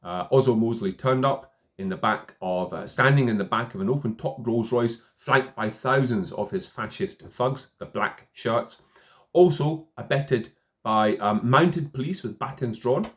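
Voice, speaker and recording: A middle-aged man talking to camera as a confidence coach, telling stories in a relaxed, conversational way with frequent fillers. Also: medium pitch, measured pace. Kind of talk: casual talk to camera.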